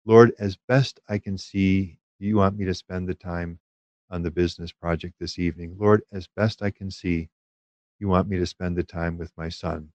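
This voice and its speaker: A man voicing an ordinary man praying earnestly and gently to God, in a low voice. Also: steady tone, moderate pace, no echo, muffled recording, natural voice.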